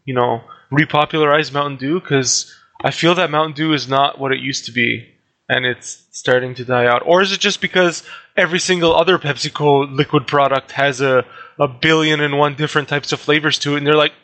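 A man with a fairly high voice and a bright, forceful tone. He rambles through his thoughts in casual podcast chat and keeps posing rhetorical questions. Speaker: podcast co-host.

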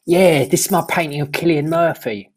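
A man's voice: a little high, moderate pace, lightly acted. A man playing a blustering, swearing Cockney market trader who has taken up art, in an improvised comedy sketch. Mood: pushy. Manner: blustering, swearing, mock-defensive.

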